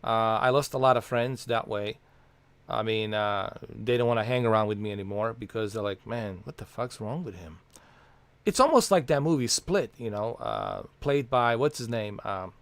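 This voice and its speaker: Male streamer, casual rambling delivery with swearing; lively pitch, dry close sound. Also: normal speed, clean tone, no echo. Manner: rambling, frequent swearing and fillers. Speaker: livestream host. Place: home.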